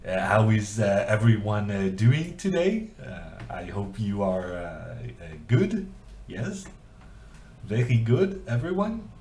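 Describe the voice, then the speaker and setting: Halting French-accented guy , a man putting it on, echoey room. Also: fairly low pitch, sing-song, distant mic. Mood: hesitant. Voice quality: halting, hesitant delivery with many fillers.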